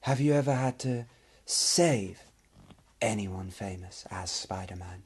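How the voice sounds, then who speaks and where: A man playing a mock-serious male TV reporter, asking deadpan questions in a comedy interview. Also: lowish voice, takes it slowly, a little hiss or hum.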